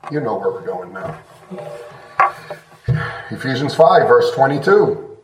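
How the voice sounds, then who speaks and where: A man's voice: mid-range voice, sing-song, a little slow, reverberant, far from the mic, rough recording. A middle-aged man preaching a sermon as pastor, in a conversational, self-deprecating way with sudden bursts of emphasis.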